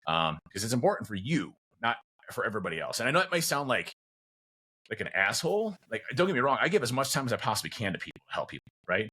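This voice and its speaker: A man talks quickly in a loose, rambling way, full of fillers and restarts. His voice is bright and forward, and he drops into little acted bits of dialogue as he goes. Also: medium pitch, big pitch swings, breathy edge. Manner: acts out quoted dialogue. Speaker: podcast guest. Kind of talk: casual conversation.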